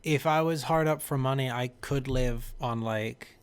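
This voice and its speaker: A man's voice: medium pitch, a little slow, smooth. A man co-hosting a podcast with his partner, talking in an easygoing, rambling way. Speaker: podcast co-host. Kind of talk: casual chat.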